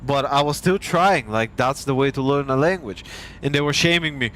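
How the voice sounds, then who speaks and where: A man's voice: medium pitch, moderate pace, a bit bright. A young man from Bulgaria, a streamer, ranting casually and profanely with a heated, mocking manner.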